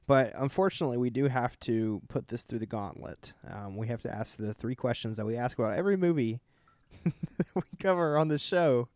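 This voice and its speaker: A man's voice: mid-range voice, moderate pace, darkish tone, dry recording. A man co-hosting a podcast in a casual, wisecracking way. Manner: dry, wisecracking. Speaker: podcast co-host. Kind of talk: casual comedic chat.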